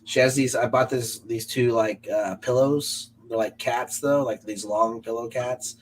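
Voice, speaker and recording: A man's voice: medium pitch, steady tone, a little slow, slight background noise, low-quality recording. A man co-hosting a casual podcast, joking and laughing often, talking to his young daughter at home. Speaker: podcast co-host. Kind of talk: casual chat.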